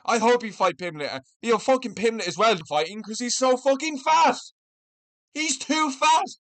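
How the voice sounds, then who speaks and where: Profane man on a lively heated rant. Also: sits high, a little fast. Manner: angry, profane, heated ranting. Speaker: MMA commentator, channel host. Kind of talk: ranting vlog commentary. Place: his own room at home.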